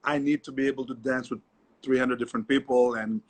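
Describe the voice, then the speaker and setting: A middle-aged man, a dance teacher, talking as an interview guest, lively and repetitive, often adding "you know". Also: medium pitch, a little fast. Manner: animated storyteller, repeats himself, many "you know"s. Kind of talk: casual interview chat.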